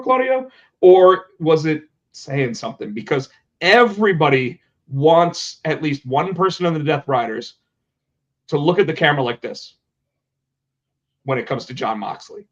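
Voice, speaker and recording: On a podcast, a male host with a fairly high voice talks casually about pro wrestling, animated and quick to curse as he acts out quotes. The recording sounds dull and lo-fi.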